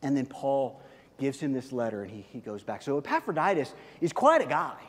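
A man's voice: medium pitch, very animated, a little fast, in a large hall. A man preaching a sermon as pastor, telling the story in a loose, conversational way with many fillers and restarts.

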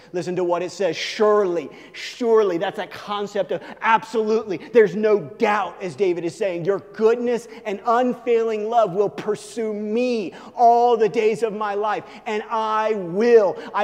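A male pastor preaching a sermon, swinging from hushed, low asides to loud, emphatic proclaiming. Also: in a large hall.

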